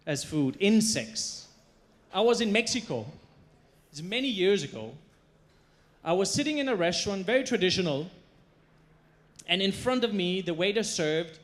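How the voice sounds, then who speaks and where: On stage before a live audience, a chef with a higher-pitched male voice tells a story as part of his presentation. His delivery is emphatic and playful.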